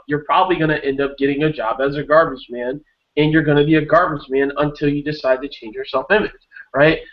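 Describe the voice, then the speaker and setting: A young man giving a motivational talk on a video hangout, energetic and repetitive, often tagging "right?" on his sentences. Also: a little high, dull audio. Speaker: network marketing coach.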